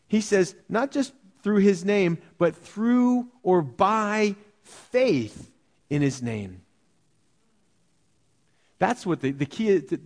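A man preaching a sermon, teaching verse by verse in a conversational way, asking rhetorical questions and slowing down to read scripture aloud. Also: on the high side, darkish tone. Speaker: pastor.

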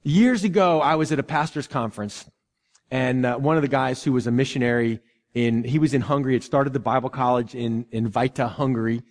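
A man preaching a sermon as pastor of a church, in a lively, conversational way, often restarting and repeating himself. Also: medium pitch, a little fast, long reverb tail.

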